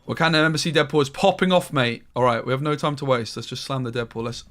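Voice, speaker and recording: A man giving casual gameplay commentary on a stream, swearing freely and quick to get frustrated. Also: medium pitch, fairly bright tone, faint music behind.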